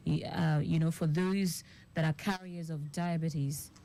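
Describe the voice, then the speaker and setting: Woman, Nigerian English accent, radio host, low mellow voice, rambling questions. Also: steady tone, a little slow. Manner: asks long winding questions with fillers. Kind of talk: radio health interview.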